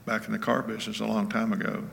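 A man's voice: lowish voice, level tone, fast, vocal fry, a bit bright, slight background noise. A man in his seventies, a pastor giving an informal, folksy teaching sermon and often checking in with his listeners. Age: 70s. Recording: reverberant hall.

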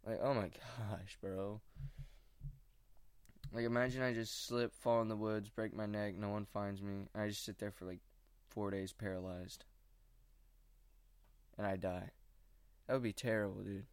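A man's voice: lowish voice, little pitch movement, unhurried, pauses often, clean tone, dry recording. A young man rambling casually and anxiously into a desk microphone while sitting at home on his couch. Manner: rambling, slangy, anxious musing. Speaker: vlogger. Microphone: microphone at a mixing board.

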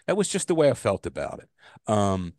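A man co-hosting a casual podcast chat, telling stories with animation, his voice jumping high when he gets exasperated, and swearing freely. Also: wildly swooping pitch, a little fast, a little mellow, no echo, studio quality. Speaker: podcast co-host.

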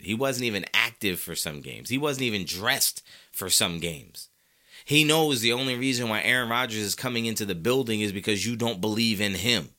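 A man delivers opinionated sports commentary as a show host, worked up and ranting. His pitch swings widely. His tone is forceful and tense, and he drives each point home by repeating it. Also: lively intonation, moderate pace. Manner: ranting, fired up; emphatic repetition.

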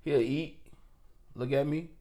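A man's voice: fairly high pitch, slow. A man who is a podcast guest, telling his stories casually and acting out the voices in them. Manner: animated storyteller, acts out voices in his stories. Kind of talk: casual storytelling.

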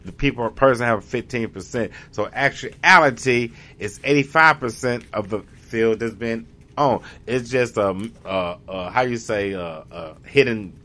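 Speaking a little slowly at medium pitch, the man has a bright, forceful tone. He's an American vlogger whose loose, rambling monologue is full of restarts as he searches for the right word.

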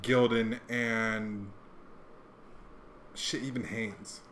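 Animated slangy man in casual chat. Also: on the low side, drawn-out words, slight background noise. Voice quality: animated, slangy, acts out quotes. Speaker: podcast co-host.

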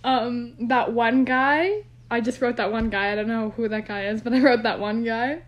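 Young female co-host, talkative and giggly, higher-pitched, casual home recording. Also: fairly even intonation, moderate pace, muffled recording. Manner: chatty, rambling, laughs often. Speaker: podcast co-host. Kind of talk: casual chat. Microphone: no microphone, phone or computer.

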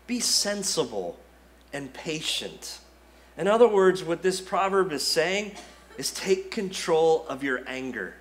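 A male pastor preaching a sermon in a conversational style, acting out quoted asides. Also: fairly high pitch. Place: church sanctuary.

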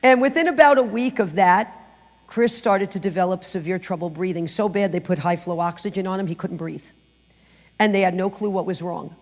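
A middle-aged woman sharing her personal testimony in church, telling the story with lively acted-out quotes. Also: on the low side, a little fast, long reverb tail. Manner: animated storytelling, acting out quotes. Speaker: guest speaker giving testimony. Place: church sanctuary.

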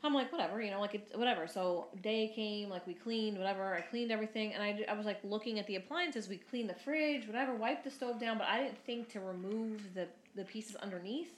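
A young woman in her twenties tells a story at a quick clip, rambling and filler-heavy, with casual swearing. Her voice sits mid-range, and the room rings with noticeable echo. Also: medium pitch. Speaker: podcast co-host. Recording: roomy echo.

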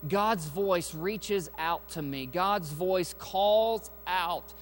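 A pastor preaching a sermon to his congregation. He is a man with a high voice and an emphatic, rousing delivery, and he often asks his listeners for an amen. Faint music and a low mains hum sit behind his voice. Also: drawn-out words. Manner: emphatic preaching with call-and-response asides. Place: church sanctuary.

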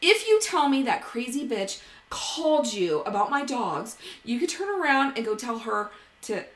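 A woman's voice: on the high side, moderate pace. A woman, co-hosting a podcast and telling a story in a casual chat, swearing freely and acting out every line of dialogue. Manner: animated, swears freely, acts out quoted dialogue. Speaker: podcast co-host. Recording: roomy echo.

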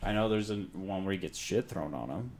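A man's voice: deep voice, expressive, brisk, darkish tone, a little hiss or hum. A man co-hosting a casual podcast, laid-back and filling his talk with "like". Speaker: podcast co-host. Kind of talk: casual chat.

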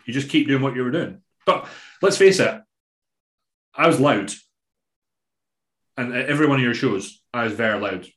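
A man's voice: medium pitch, moderate pace, long pauses, echoey room. A Scottish man, a bodybuilding coach, chatting casually on a podcast, telling stories loosely with lots of swearing and fillers. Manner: swears freely, relaxed storytelling with many fillers.

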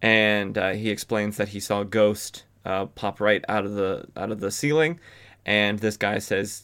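A man with a fairly low voice talks through an old comic book story for his podcast. His delivery is loose and conversational, peppered with filler words. He drops in wry asides along the way. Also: steady tone, normal speed, a bit bright. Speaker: podcast host. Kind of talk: casual comic book recap.

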